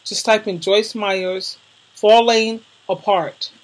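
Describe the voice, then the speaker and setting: Speaking slowly in a steady, medium-pitched voice, a woman vlogger casually recommends videos to her audience. She's gushing and emotional, adds slangy emphasis, and calls viewers darling, all on a rough recording.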